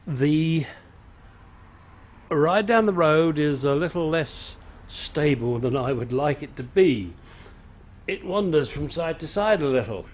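Man, unhurried DIY car vlogger, dry wit, mid-pitched voice. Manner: dry, joking, teasing the viewers. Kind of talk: casual how-to vlog.

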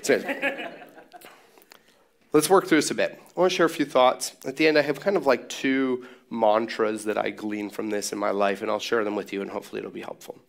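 Gravelly-voiced man preaching a casual sermon. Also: fairly low pitch, a little fast. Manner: casual, joking, sarcastic asides. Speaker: pastor.

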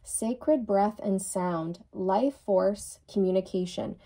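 A woman's voice: medium pitch, slow pace, dark tone. A woman giving a channeled tarot reading who speaks reassuringly and repeats words for emphasis. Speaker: tarot reader.

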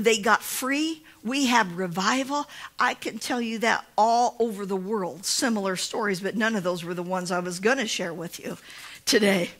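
Bright, animated woman preaching a sermon. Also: mid-range voice. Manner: animated storytelling, acting out quoted voices. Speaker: pastor. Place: church sanctuary.

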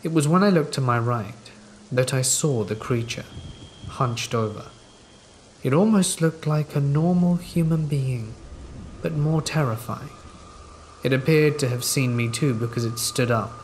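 A man calmly reading a horror story in scripted narration. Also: mid-range voice, measured pace. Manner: calm, steady storytelling. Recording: faint rain noise behind voice. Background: rain and thunder ambience.

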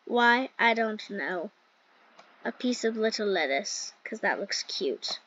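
A woman's voice: medium pitch, animated, takes it slowly, a bit bright. A woman hosting a gaming channel, chatting casually and giggling through gameplay commentary with lots of "like" fillers. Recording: dull lo-fi dry sound.

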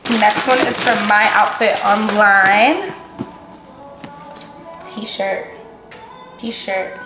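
A woman, chatting excitedly to viewers while unboxing gifts at home, gasping and gushing as she goes. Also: medium pitch, extremely slow, music in the background. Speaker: vlogger. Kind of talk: casual unboxing vlog. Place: room at home. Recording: echoey room with background noise.

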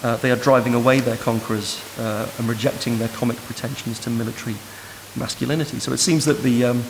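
A man giving an academic lecture in a measured, thoughtful way, recorded in a lecture room. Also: mid-range voice, fairly even intonation, gravelly. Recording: noisy hiss in a reverberant hall.

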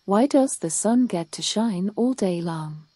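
A woman's voice: medium pitch, lively intonation, a little slow, mellow, no room sound. A woman voicing a grumpy little male storm cloud in a bedtime storybook, grumbling and sulky.

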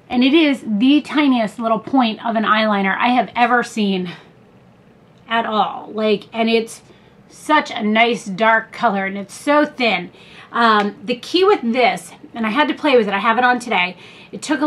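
A woman's voice: fairly high pitch, fairly bright tone. A woman talking through a makeup haul in a chatty, rambling way, full of fillers and asides. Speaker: beauty vlogger. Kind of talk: casual product review haul.

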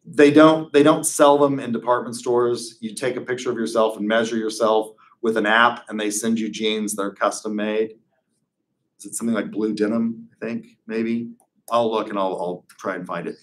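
A man's voice: fairly low pitch, steady tone, moderate pace. Wry man lecturing a class. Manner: conversational, digressive, wry asides. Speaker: professor.

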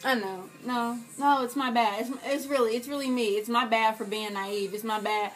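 Fiery young woman ranting, high voice. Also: fairly even intonation, normal speed, faint music behind. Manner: profane, dramatic, swings between loud outbursts and quiet hurt. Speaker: vlogger. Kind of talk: comedic rant to camera.

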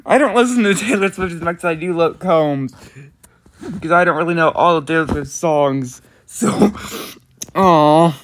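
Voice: mid-range voice, unhurried, a little hiss or hum. A reaction video creator giving casual, giggly commentary, often exclaiming and apologizing.

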